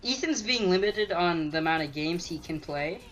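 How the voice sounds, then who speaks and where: A man's voice: sits high, animated, normal speed, a bit bright. A teenage boy co-hosting a gaming chat, joking and teasing his friend. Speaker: gaming channel co-host. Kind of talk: casual chat over a game call.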